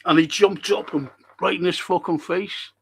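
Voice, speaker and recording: A man's voice: high-pitched, normal speed, creaky, breathy edge. An older man hosting a live podcast, reading viewer comments and talking in a rambling, passionate way, swearing freely. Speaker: podcast host.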